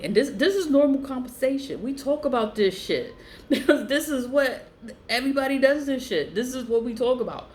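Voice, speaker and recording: A woman telling a story in a casual, profane rant, laughing often and swinging her voice up high for emphasis. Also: animated, normal speed, a little hiss or hum. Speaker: vlogger who sells spiritual goods online.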